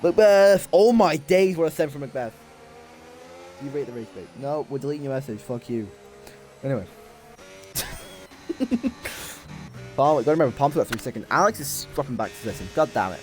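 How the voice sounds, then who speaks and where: A young man giving excitable, sweary live commentary on a sim race while bantering with his chat. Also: mid-range voice, fast, soft background music.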